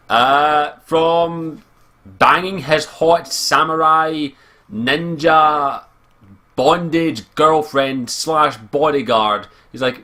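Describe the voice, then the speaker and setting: A man's voice: on the high side, slow, pushed and bright. A Scottish man ranting casually through an anime review, swearing often and sounding exasperated. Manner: profane, exasperated, rambling.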